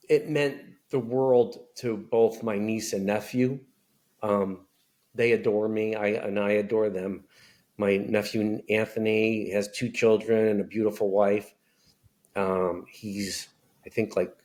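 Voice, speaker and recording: A middle-aged man telling candid family stories as a podcast guest, animated, acting out voices of relatives. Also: on the low side, slow. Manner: animated storyteller, acts out family members' voices. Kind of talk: candid storytelling conversation.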